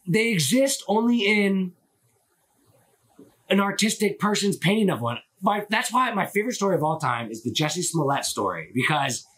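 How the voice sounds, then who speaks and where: A man's voice: high-pitched, big pitch swings, normal speed, fairly bright tone, slightly rough. A man hosting a live stream, chatting casually and opinionatedly, with lots of filler words and swearing, into a phone. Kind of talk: casual rambling chat.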